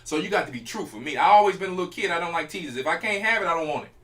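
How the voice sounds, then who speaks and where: A high-voiced church elder gives an informal, conversational sermon, addressing the congregation directly with emphatic, colloquial preaching. His pitch swings widely as he drives points home, and his expressive delivery is bright, forceful and racing.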